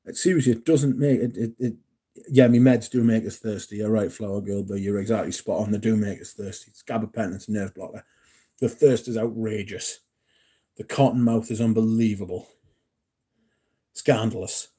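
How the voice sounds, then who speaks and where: A man's voice: lowish voice, fairly even intonation, moderate pace, warm tone, husky. A man hosting a casual livestream, chatting and joking with viewers and swearing freely. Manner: sweary, joking banter with chat. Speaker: livestream host. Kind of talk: casual livestream chat reading comments.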